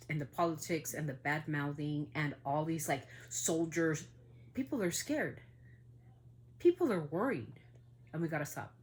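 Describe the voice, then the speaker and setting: A woman's voice: sits low, a little hiss or hum. A woman hosting a family podcast in a casual monologue, heated and indignant, swearing as she talks about being upset. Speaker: podcast host.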